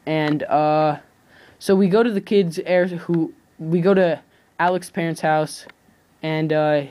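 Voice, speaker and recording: A man's voice: on the high side, steady tone, darkish tone, clear, resonant tone. Rambling teenage guy telling a story. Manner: rambling, halting, self-correcting. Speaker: YouTube vlogger. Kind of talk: casual storytelling.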